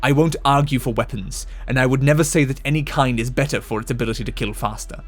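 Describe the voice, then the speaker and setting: A man's voice: medium pitch, soft background music, pitched below the performer's own voice, close to an everyday voice. Man reading as a stern lecturing doctor. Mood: grave. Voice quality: measured, lecturing. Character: stern older doctor lecturing a young fighter.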